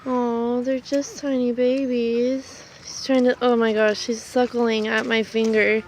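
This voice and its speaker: A woman's voice: on the high side, level tone, unhurried, a little mellow, a little hiss or hum. A woman, a mother and vlogger, talking tenderly and with distress to her child outdoors on a cold farm. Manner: tender, upset, pleading. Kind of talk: emotional outdoor vlog talk to her child.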